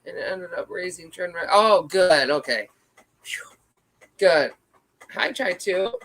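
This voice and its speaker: A woman's voice: lowish voice, lively intonation, a little slow, a bit bright, poor audio. A woman in her thirties chatting casually on a livestream, rambling, reacting to chat and swearing freely.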